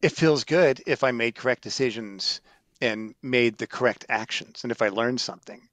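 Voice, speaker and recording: A middle-aged man, a sales trainer, telling stories in an animated, emphatic way as an interview guest. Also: mid-range voice, moderate pace, no room sound. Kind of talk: storytelling interview answer.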